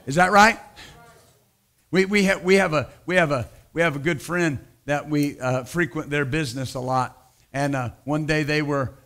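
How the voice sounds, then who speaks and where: A middle-aged man preaching a sermon as pastor, swinging from loud emphatic declarations to quiet, conversational storytelling. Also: medium pitch.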